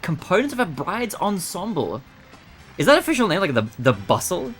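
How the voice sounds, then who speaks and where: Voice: medium pitch, wildly swooping pitch, normal speed, a bit bright, soft background music. A streamer thinking aloud while solving word puzzles, muttering guesses and laughing often.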